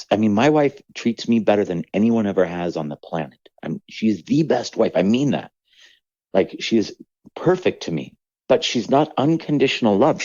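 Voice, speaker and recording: A man's voice: fairly low pitch, darkish tone, dry recording, muffled recording. A middle-aged man, a comedian, speaking candidly in a podcast conversation, reflective and rambling, acting out quoted voices. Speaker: comedian guest.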